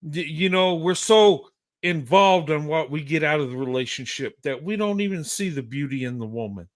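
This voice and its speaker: A man's voice: fairly high pitch, normal speed. A man hosting a live show, talking with emphatic, blunt passion, stammering and restarting his sentences and swearing now and then. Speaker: show host. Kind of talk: impassioned live-show commentary.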